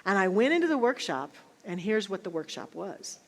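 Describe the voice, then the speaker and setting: Woman minister, storytelling sermon, very lively pitch, church hall reverb. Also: normal speed. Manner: storytelling, animated and self-mocking. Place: church sanctuary.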